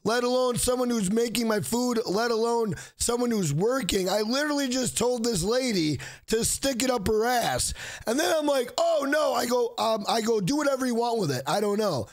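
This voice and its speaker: A man, hosting an exasperated storytime vlog about a bad fast-food visit. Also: extremely high pitch, animated. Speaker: channel host.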